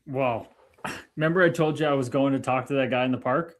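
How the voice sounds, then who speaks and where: A man on a live-streamed chat, spinning anecdotes with animated, excitable energy. He swears freely and keeps his tone loose and conversational. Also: medium pitch, a little fast. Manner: animated storyteller, profane, excitable. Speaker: guest.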